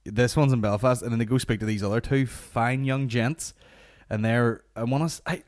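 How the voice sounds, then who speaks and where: A man's voice: medium pitch, moderate pace. A man with a Northern Irish accent hosting a comedy podcast from his garage, rambling and swearing as he jokes. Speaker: podcast host. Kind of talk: crude comedy banter. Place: warm home garage.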